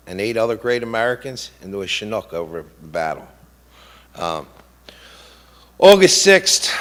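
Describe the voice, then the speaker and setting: A man's voice: fairly low pitch, a bit bright. A middle-aged man speaking as a grieving, indignant father at a press conference, emotional and repeating "you know?". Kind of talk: impassioned public statement. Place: press club conference room.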